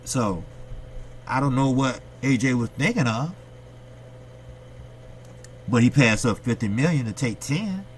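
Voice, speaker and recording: A man's voice: medium pitch, animated, unhurried, pauses often, slight background noise. A man from the United States hosting his boxing channel, giving a blunt, profane, opinionated monologue and firing rhetorical questions at his viewers. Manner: blunt, profane, ranting delivery.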